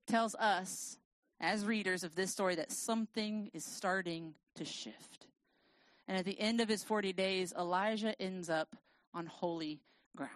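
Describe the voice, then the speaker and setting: A woman preaching a sermon and reading scripture aloud, with a casual, self-deprecating, lively storytelling manner. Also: medium pitch, dry recording, poor audio.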